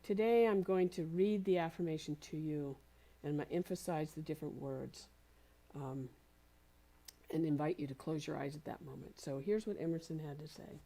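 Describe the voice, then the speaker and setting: A woman minister giving a sermon, gentle and encouraging, slowly repeating phrases for emphasis. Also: low-pitched. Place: spiritual community center.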